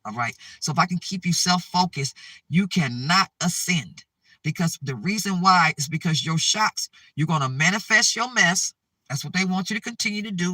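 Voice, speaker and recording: A man's voice: high voice, pushed and bright, no echo, recorded from a distance. A man giving a preachy spiritual monologue to his viewers, repeating himself urgently and checking in with "okay?". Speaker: spiritual advice channel host.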